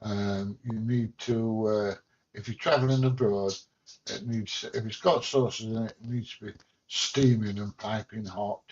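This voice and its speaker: A man's voice: on the low side, steady tone, unhurried, darkish tone. An English man hosting a livestream from home, chatting casually and bluntly as he reads viewer comments, joking and swearing mildly. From England. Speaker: livestream host. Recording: dull lo-fi stream audio.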